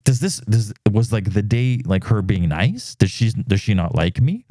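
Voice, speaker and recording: In a casual monologue, a man hosting a podcast recounts a dating story, performing the quoted messages with animation and plenty of filler words. His voice is lowish and moderately paced, recorded with clean studio sound and no room sound.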